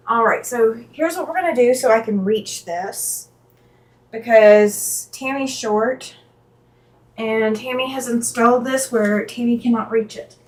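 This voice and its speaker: A middle-aged woman chatting casually on a live stream as she lays out quilt blocks in her sewing room, reading viewer comments aloud and thinking out loud as she works. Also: on the high side, animated, moderate pace, rough recording. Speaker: quilting channel host.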